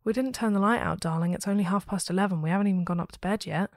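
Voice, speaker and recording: Woman as anxious but soothing mother, gentle reassurance. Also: mid-range voice, very fast, no echo, clean studio sound, close to an everyday voice. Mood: concerned. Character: startled, comforting mother.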